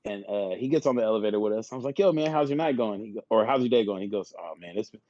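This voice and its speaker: A man co-hosting a podcast, telling animated stories in casual, profane chat. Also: on the low side, rapid-fire, dry recording, dull audio. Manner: animated storytelling with laughs and profanity. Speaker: podcast co-host.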